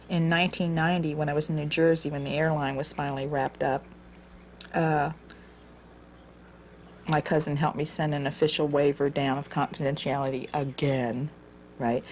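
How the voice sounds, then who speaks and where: A woman in her forties telling her own life story in an earnest, halting way, repeating words as she goes. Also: sits low, a little mellow, a little hiss or hum. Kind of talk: personal storytelling.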